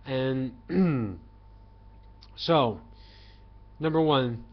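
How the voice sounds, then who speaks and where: A man's voice: medium pitch, extremely slow, dull audio. A man giving an informal online language lesson, opinionated and emphatic, and he acts out tones with his voice. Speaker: language teacher.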